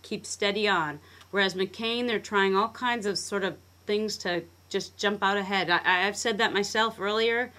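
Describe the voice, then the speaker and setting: A woman in mid register speaks as a guest expert on a talk show. She is conversational and brisk, building her points quickly. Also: medium pitch, pushed and bright. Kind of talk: radio talk discussion.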